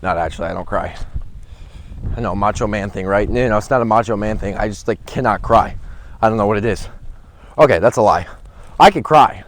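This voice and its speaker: A man vlogging a round on an outdoor disc golf course, chatting and rambling on a handheld camera, with excited outbursts at his throws. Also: fairly low pitch, brisk, long pauses. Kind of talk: casual commentary while playing. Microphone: handheld camera without a gimbal.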